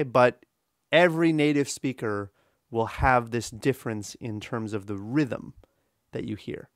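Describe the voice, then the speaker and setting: A man teaching an exam listening lesson, explaining number pronunciation slowly and demonstrating rhythms by counting aloud. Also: mid-range voice, dry recording, studio quality. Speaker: English teacher.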